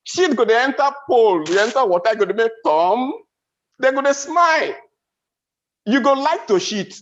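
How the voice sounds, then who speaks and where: High-voiced Nigerian Pidgin comedian. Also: male voice, brisk, muffled recording. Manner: animated storytelling, big pitch swings. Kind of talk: stand-up comedy.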